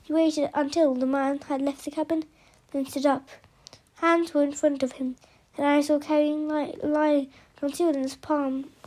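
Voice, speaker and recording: A woman's voice: sits high, little pitch movement, normal speed, a little mellow. A woman reading a novel aloud, often stumbling and restarting words as she reads. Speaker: reader of an audiobook.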